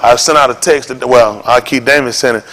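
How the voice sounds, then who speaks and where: A man preaching an informal sermon to his congregation in a folksy, joking way that rises to shouts. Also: mid-range voice, steady tone, brisk. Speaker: congregation leader.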